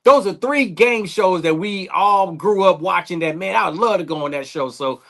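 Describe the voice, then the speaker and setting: A man's voice: high voice, moderate pace, fairly bright tone. A man co-hosting a podcast, bantering casually and laughing often. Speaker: podcast co-host. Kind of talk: casual chat.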